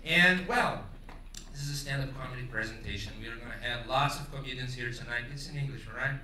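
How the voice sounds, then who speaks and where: A man from Brazil with a Brazilian Portuguese accent, emceeing a stand-up show in English, loud and brash, swearing freely and quizzing the audience. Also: mid-range voice, a little fast, slight background noise. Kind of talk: stand-up crowd work. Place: theater stage with live audience. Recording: echoey theater, mic at a distance, audience audible.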